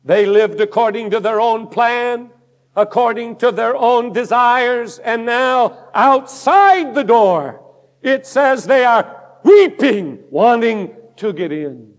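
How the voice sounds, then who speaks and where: A male pastor delivers a sermon in a notably high voice, declaiming each point with emphatic force. His words ring out with a long reverb, as if recorded in a large church sanctuary. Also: slow pace.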